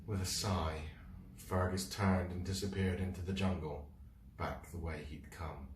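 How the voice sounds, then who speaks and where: A man reads a children's adventure aloud, slow and expressive. His voice sits low. The sound is roomy and a little far from the mic. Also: slight background noise. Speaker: storyteller. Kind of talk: reading a children's book aloud. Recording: roomy room, mic at a distance.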